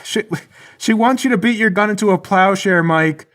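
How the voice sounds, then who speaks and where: A man's voice: high-pitched, expressive, unhurried, a bit bright, pitched above the performer's own voice. A man voicing a dim, flustered male prison guard who stammers, in a tabletop game.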